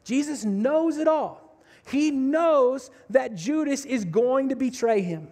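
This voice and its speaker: A man's voice: extremely high pitch, lively intonation, slow, darkish tone. A man preaching a sermon, retelling a story vividly and speaking directly to his listeners. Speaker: pastor. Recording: long reverb of a large hall.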